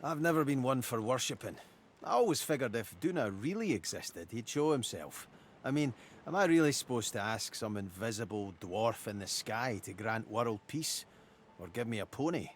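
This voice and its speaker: A man's voice: medium pitch, expressive, moderate pace, slight background noise, natural voice. An actor playing a blunt, sceptical male dwarf rebel in a video game, speaking plainly with a wry edge. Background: faint game music.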